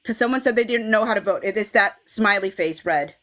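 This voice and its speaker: A woman hosting a casual fan livestream, talking in an animated way with frequent laughs and restarts. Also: mid-range voice, a little fast. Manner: animated, laughs often, many restarts and okays. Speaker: livestream host.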